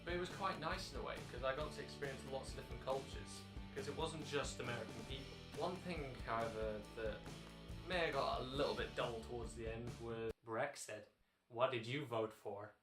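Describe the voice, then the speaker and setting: Brit vlogger, medium pitch, chatty and deadpan-funny, roomy recording with music. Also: male voice, fairly quick, recorded from a distance. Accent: British English. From Britain. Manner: chatty, dry jokey asides. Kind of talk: casual vlog narration. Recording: echoey room with background music.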